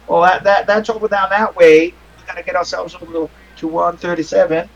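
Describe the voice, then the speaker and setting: A man's voice: high-pitched, little pitch movement, fairly quick, creaky, highs cut off. A man voicing an older male taxi driver who stammers and talks deferentially. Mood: chatty.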